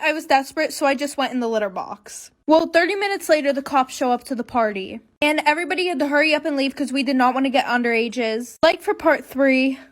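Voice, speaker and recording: A young woman with a high, light voice tells a casual storytime straight into her phone. She is chatty and blunt, swears freely and drops quick asides, talking close to the mic. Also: a bit bright. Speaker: TikTok storyteller.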